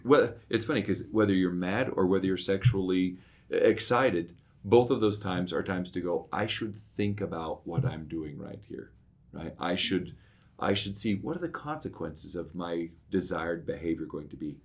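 Deep-voiced man telling stories. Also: normal speed. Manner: storytelling, animated when recounting, often asks "right?". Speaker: podcast co-host. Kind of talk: casual conversation.

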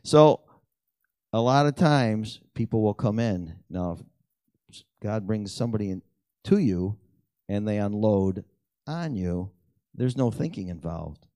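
Gravelly low-voiced man telling stories. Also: unhurried, pauses often, no room sound, studio quality. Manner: animated storyteller who acts out dialogue with big pitch jumps. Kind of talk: storytelling testimony talk.

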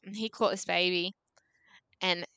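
A woman's voice: on the low side, fairly even intonation, a little slow, bright, forceful tone, smooth, dry recording. A young Australian woman in her twenties, a podcast guest telling a story casually, peppering her talk with "like" and acting out what people said. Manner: chatty, full of "like", acts out dialogue.

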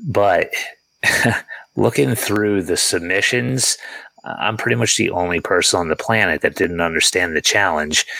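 A man with a low but bright, forceful voice hosts a podcast in a relaxed, self-deprecating way. His voice is slightly hoarse, and the sound is dry and close. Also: no room sound, low-quality recording. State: voice going hoarse. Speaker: podcast host. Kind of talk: casual chat.

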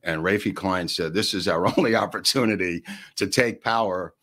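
Older NY guy, very low voice, chatty podcast co-host who acts out every quote. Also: moderate pace, a bit bright. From New York. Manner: rambling anecdotes, laughing often, pitch jumping up when acting out quotes. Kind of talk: storytelling in casual chat.

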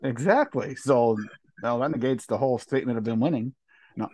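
A man's voice: medium pitch, a little fast, darkish tone, dry recording, clean studio sound. Trash-talking guy on a podcast. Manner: loose, joking, trash-talking. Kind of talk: casual podcast banter.

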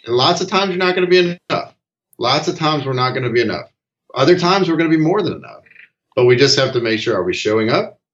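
A man's voice: mid-range voice, big pitch swings, fast, a bit bright. A middle-aged man talking casually, earnest and emphatic, telling a personal story. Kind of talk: casual conversation. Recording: slightly dull lo-fi audio.

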